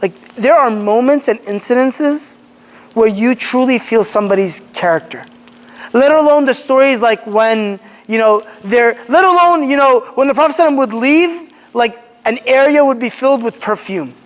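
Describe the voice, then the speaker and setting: A man giving a casual religious lesson to young people, telling animated stories, acting out quotes and restarting his sentences often. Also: very high-pitched, normal speed. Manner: animated storyteller, acts out quotes, many fillers and restarts. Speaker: Islamic teacher. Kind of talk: casual religious lecture to a youth group. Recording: long hall reverb.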